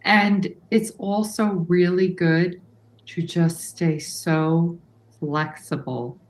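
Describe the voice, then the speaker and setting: A woman chats as a guest, speaking very slowly in a soft, flowing way. Her voice sits a little low. The room around her echoes, and a faint hum of noise stays underneath. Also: fairly even intonation. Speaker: show guest. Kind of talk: casual chat.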